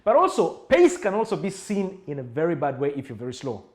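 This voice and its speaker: A man teaches public speaking, his voice sitting a little high and swinging widely in pitch. He talks animatedly and keeps acting out sample voices to make his points. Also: brisk. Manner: animated, acts out example voices and tones. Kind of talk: lecture-style speaking class.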